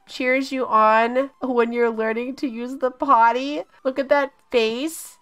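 A woman hosting a casual game video, gushing and excitable, often gasping and laughing as she talks. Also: high-pitched, slow, few pauses. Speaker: gaming channel host.

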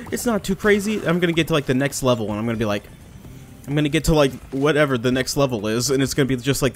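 A young man chatting through a let's play in a loose, rambling way, often poking fun at himself. His pitch and pace sit in a normal middle range. Every so often he bursts out loudly, and a faint hiss runs underneath. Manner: rambling and self-mocking, with sudden loud outbursts. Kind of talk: casual gameplay commentary.

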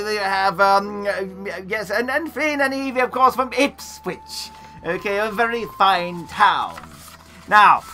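Animated woman telling a role-play tale. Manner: theatrical, animated, swings from hushed asides to booming announcements; playful, chatty with viewers. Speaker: costumed storyteller and game master. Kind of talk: live role-play storytelling to a streaming audience.

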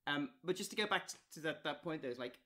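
A man's voice: fairly high pitch, animated, fast, sharp tone. Musing man, casual podcast chat. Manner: thoughtful, restarts and trails off. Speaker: podcast co-host.

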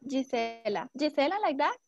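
High-voiced woman teaching an English class. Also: normal speed, gravelly, no echo, lo-fi sound. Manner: lively, switches to Spanish to explain; asks students many short questions. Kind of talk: online class with students.

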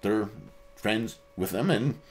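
A man's voice: lowish voice, slow. A man, a podcast guest ranting casually and swearing constantly. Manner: profane, ranting.

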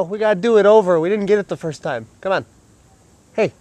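A woman's voice: medium pitch, brisk, a little mellow, no room sound. A woman filming her dog at home on a handheld camera, coaxing and calling it in a playful, laughing way. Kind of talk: casual home video.

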